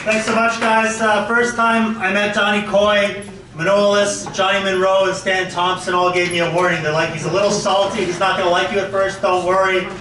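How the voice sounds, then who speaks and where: Speaking high with little pitch movement at a moderate pace, a man does stand-up at a memorial, mixing tributes with crude punchlines while a crowd sounds in the background. He's on a comedy club stage, recorded from far off in an echoey hall with faint noise.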